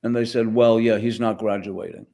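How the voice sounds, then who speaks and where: A man's voice: lowish voice, fairly even intonation, normal speed, vocal fry, mellow. A man, a podcast guest telling a story and acting out the dialogue. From the Bronx, New York. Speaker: guest, former teacher. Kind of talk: conversational storytelling.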